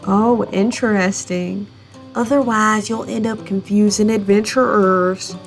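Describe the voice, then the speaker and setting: A woman's voice: medium pitch, steady tone, measured pace, faint music behind, pitched below the performer's own voice, lightly acted. A woman voicing a friendly, curious tavern keeper who asks prying questions in a chirpy, inviting way.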